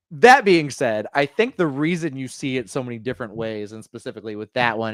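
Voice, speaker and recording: A man's voice: mid-range voice, clear, resonant tone, dry recording, clean studio sound. A man hosting a pop-culture podcast, talking casually and rambling through fillers and restarts. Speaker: podcast host.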